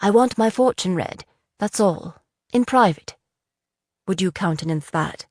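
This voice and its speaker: A woman voicing a calm, authoritative male lord who questions a young man, in a storybook reading. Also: mid-range voice, measured pace, no echo, studio quality. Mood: commanding. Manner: even, authoritative.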